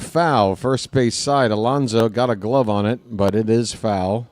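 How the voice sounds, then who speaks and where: A man's voice: lowish voice, a little slow, few pauses, no echo. A man calling a baseball game play-by-play as a partisan fan, with a voice that is starting to tire. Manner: partisan, excitable on big plays, chats with viewers. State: voice getting tired.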